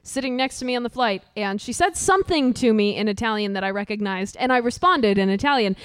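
A woman's voice: a little high, lively intonation, fast talker, clean tone, no echo. Giggly woman co-hosting a podcast. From California. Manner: giggly, teasing. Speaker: podcast co-host. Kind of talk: casual chat.

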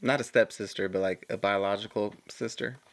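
A young man from Denver, chatting casually as a co-host, relaxed, cursing freely and laughing often. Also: lowish voice, a little fast, creaky. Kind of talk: casual chat.

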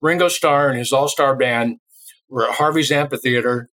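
A man's voice: medium pitch, moderate pace, rough recording. A middle-aged man from Illinois, a drummer, telling a casual anecdote in an interview and acting out the voices of people in it. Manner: lively storyteller who acts out quoted voices.

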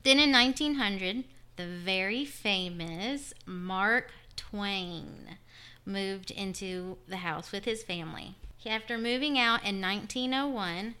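A woman's voice: mid-range voice, takes it slowly, bright, forceful tone, clean tone. Rambling woman podcast host. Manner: rambling, drifts off topic. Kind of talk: casual podcast chat.

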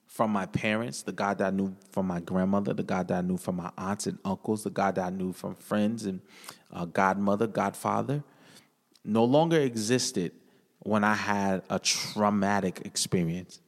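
A man tells his life story as a podcast guest, earnest and conversational, circling back on his own words. His voice sits fairly low. The room rings with a long, echoing reverb. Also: steady tone, moderate pace, gravelly. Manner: earnest storytelling with many repeated phrases. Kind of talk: personal testimony in casual conversation.

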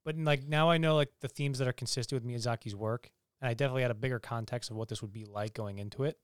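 A man co-hosting a podcast, reviewing a film in casual chat, animated and swearing, acting out lines as he retells scenes. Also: mid-range voice, fast, clean tone, no echo, clean studio sound. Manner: animated, swearing, quoting people in voices. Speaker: podcast co-host.

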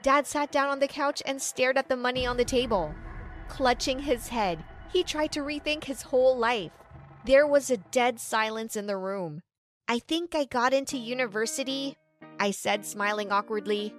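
High-voiced young woman narrating a story. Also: steady tone, moderate pace, soft background music. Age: young adult. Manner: dramatic storytelling. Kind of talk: scripted first-person story narration.

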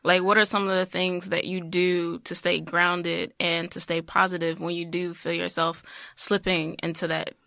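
Man, podcast host, gravelly edge, bright tone, dry close sound, casual filler-heavy talk. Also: sits high, normal speed, no room sound. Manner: relaxed, trailing fillers like "like". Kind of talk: casual interview chat.

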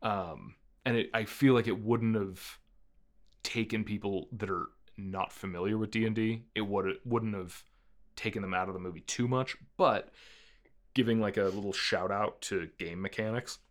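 A young man with a fairly low voice talks loosely about a film he saw. He rambles and reaches for fillers, and he laughs easily as he goes. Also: moderate pace. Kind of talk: casual movie review chat.

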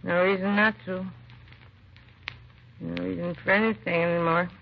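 Heard through a dull, lo-fi old radio recording with a faint hiss or hum, an actress voices a drunk, grieving mother in her late twenties for a crime drama. Her lowish voice is steady and moderately paced, with vocal fry, as she slurs wearily and blames herself.

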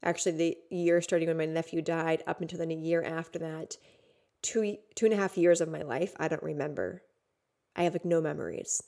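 A woman's voice: low voice, fairly quick, creaky. Woman telling a raw personal story. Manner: raw, intimate, with frequent "like" and sudden swings from hushed to loud. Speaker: podcast host.

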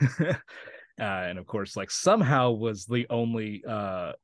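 A man's voice: lowish voice, animated, slow pace, no room sound, clean studio sound. A young man from New Mexico, an actor guest talking casually in an interview, rambling with lots of fillers and frequent laughs. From Santa Fe, New Mexico.

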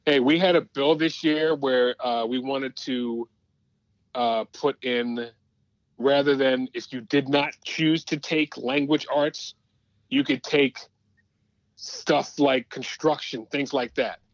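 A man co-hosting a casual sports talk show, chatty and quick to agree. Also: medium pitch, steady tone, dry recording, lo-fi sound.

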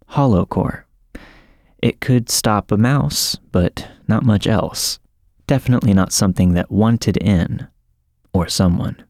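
A man narrating a scripted horror story in a measured, dramatic way. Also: lowish voice, warm tone, no room sound, clean studio sound. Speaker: podcast narrator.

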